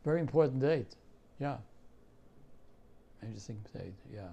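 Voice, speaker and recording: An older man with a New York accent, a war veteran recounting memories in an interview, halting and repeating himself. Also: mid-range voice, animated, vocal fry, muffled recording. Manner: halting, repeats phrases, many fillers.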